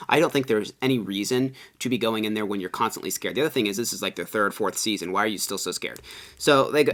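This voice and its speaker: A man co-hosting a casual chat, rambling with lots of filler words and getting animated when he rants. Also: fairly low pitch. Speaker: co-host.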